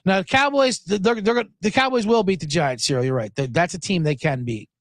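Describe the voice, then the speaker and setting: A man's voice: high-pitched, a little fast, no room sound, clean studio sound. A man hosting a sports show in casual, joking, rambling talk. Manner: animated, jokey, rambling.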